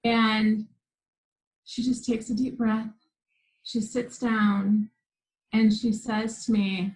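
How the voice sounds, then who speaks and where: A woman's voice: a little high, level tone, takes it slowly, pauses often, a little mellow, poor audio. A woman guest telling a personal story in an interview, earnest and vivid, with frequent restarts. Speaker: guest, spiritual teacher.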